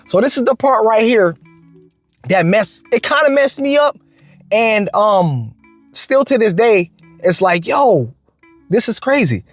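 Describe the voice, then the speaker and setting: A man vlogger telling a work story in a casual, slangy, animated way, with lots of restarts. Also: high voice, unhurried, long pauses, dry recording, soft background music.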